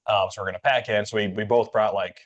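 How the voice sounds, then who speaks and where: A man with a low voice tells a hunting story at a rapid clip, stacking up fillers and acting out what people said. The sound is dull and lo-fi, like a cheap podcast recording. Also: steady tone. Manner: rambling, filler-heavy, acts out quoted dialogue. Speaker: podcast host. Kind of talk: casual storytelling chat. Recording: dull lo-fi audio.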